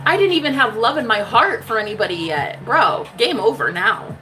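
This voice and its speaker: Pushed, bright and fairly high, with lively intonation at a moderate pace, this woman's voice drives an impassioned spiritual love reading full of sass, curses and "honey." Music plays behind her on a rough recording.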